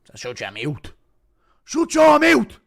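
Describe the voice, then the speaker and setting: A man voicing a brash, cocky Irish fighter with a put-on Irish accent, swaggering and swearing as he shouts. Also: high voice, expressive, normal speed, pitched above the performer's own voice. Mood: angry.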